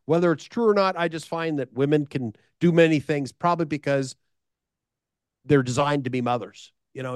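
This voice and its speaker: A man's voice: fairly high pitch, dry recording, studio quality. A middle-aged American man, a sales speaker, telling stories in a conversation with repeated words and rhetorical questions. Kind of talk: storytelling in a conversation.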